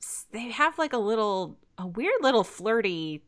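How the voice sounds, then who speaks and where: A woman's voice: a little high, very animated, moderate pace, a bit bright. A woman co-hosting a podcast, chatting casually as she retells an episode scene by scene and giggling often. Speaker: podcast co-host. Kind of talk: casual episode recap chat.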